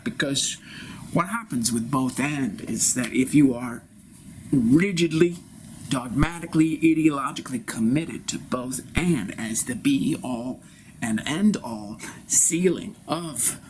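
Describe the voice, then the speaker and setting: A man's voice: mid-range voice, background noise. A man playing a grandiose self-proclaimed ascended spiritual master in a solo improv, talking in a lofty, pompous way that drifts into whispers, recorded inside a vehicle. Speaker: improv performer.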